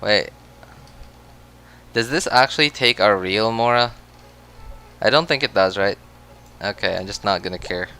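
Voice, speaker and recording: A man's voice: lowish voice, measured pace, long pauses, bright, forceful tone, soft background music. A man chatting casually on a game livestream, rambling with many restarts and frequent laughs. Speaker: game streamer.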